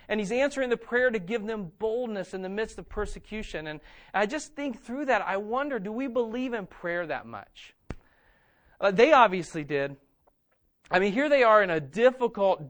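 Casting note: male pastor, high voice, earnest emphatic sermon delivery with repetition, sinking quiet when reflective.

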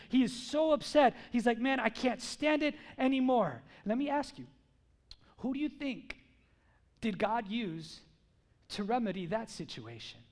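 A man's voice: extremely high pitch, darkish tone. A man preaching a sermon with emphasis. He asks the congregation questions and acts out quotes.

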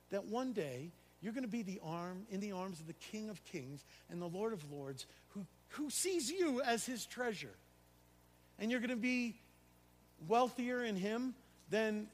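A male pastor preaching a sermon with passion, building to loud declarations and then dropping into quiet prayer. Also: high voice, expressive, a little slow, big-room sound. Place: church sanctuary.

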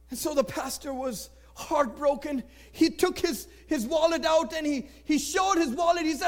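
A man telling a moral story dramatically, swinging between loud exclamations and hushed near-whispers. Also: very high-pitched, expressive, unhurried.

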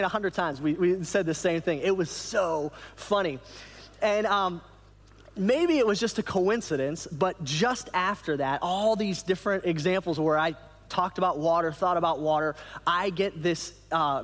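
A man giving a sermon to a church audience, telling stories in an animated way with frequent restarts. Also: high voice, moderate pace. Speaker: church speaker. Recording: reverberant hall.

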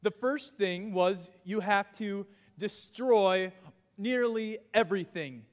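Youth pastor, male, high and bright, animated crowd-work, reverberant hall. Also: slow pace. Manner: playful, animated, calling out to a crowd. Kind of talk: energetic youth group lesson with audience game.

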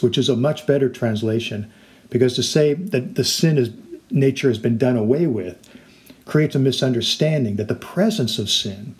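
A man's voice: mid-range voice, a little mellow. A man preaching a sermon as a pastor, earnest and explanatory, now and then acting out the voices in his stories.

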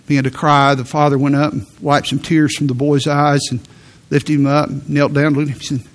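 A man's voice: on the high side, flat delivery, a little fast. A middle-aged male pastor preaching a sermon in an earnest, emphatic way, with sudden rises for emphasis.

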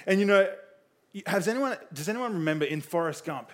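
A man's voice: high-pitched, expressive, brisk. A young man preaching a sermon in a casual, conversational way, full of fillers, acting out quotes with a raised voice.

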